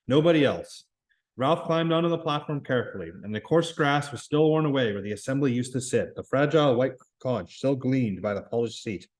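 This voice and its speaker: A man reading a novel aloud in a plain, measured way. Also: mid-range voice. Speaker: reader.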